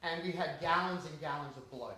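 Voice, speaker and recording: A man's voice: fairly high pitch, fairly quick, bright, forceful tone, slight background noise. A man, telling stories and laughing as he takes questions after a screening of his film. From the Bronx, New York. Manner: storytelling, laughing often, swearing. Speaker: independent filmmaker. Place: small cinema venue. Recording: echoey room with audience. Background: audience.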